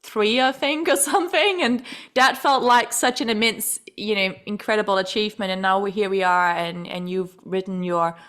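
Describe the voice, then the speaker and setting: A woman hosting a podcast, effusive and rambling, full of fillers and warm praise. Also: mid-range voice, moderate pace, few pauses. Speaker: podcast host. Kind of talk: emotional casual chat.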